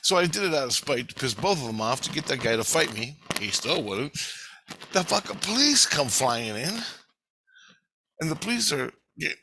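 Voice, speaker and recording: A man's voice: on the high side, sing-song, moderate pace, creaky, sharp tone, slight background noise, low-quality recording. A middle-aged man telling a rambling, profane, agitated monologue to camera. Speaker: vlogger.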